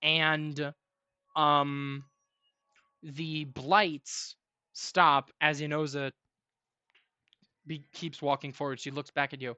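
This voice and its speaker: A game master narrating a tabletop game in halting, filler-heavy descriptions. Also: medium pitch, level tone, sharp tone, clean tone, no room sound.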